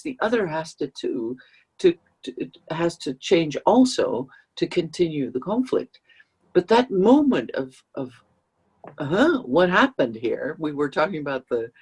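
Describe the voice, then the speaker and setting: Lively, husky-voiced communication trainer. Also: medium pitch. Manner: conversational, acts out short example quotes in changing tones. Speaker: trainer teaching transactional analysis. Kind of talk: explanatory video lesson.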